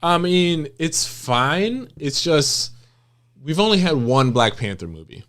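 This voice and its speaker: A young man co-hosting a casual podcast chat, talking in a relaxed, rambling way with frequent ums. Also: a little high, takes it slowly. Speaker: podcast co-host.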